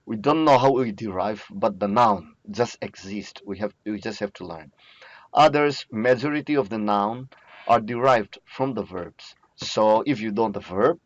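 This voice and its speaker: A low-voiced man, talking through a lesson at an unhurried, deliberate pace. He explains patiently and says key words twice. The sound is dry and a bit dull, like a lo-fi lecture recording. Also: no echo. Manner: slow, patient explaining with frequent repetition. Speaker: teacher.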